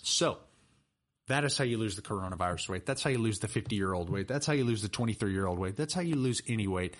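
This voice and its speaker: On a podcast, a young man who works as a personal trainer swaps stories in a fast, low-leaning voice. His chat is casual and lively, dotted with laughter and lots of filler words.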